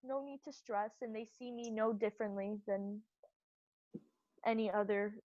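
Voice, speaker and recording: A woman's voice: medium pitch, steady tone, moderate pace, a little mellow, no echo, dull audio. A young woman in a casual group chat, enthusiastic and full of fillers. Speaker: support group member.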